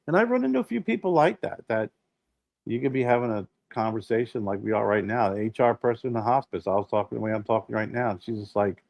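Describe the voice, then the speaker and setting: Low-voiced, profane, animated storytelling man. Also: fast talker, gravelly, dry recording. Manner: animated storyteller, swears freely, acts out quoted people. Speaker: podcast co-host. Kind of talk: casual chat.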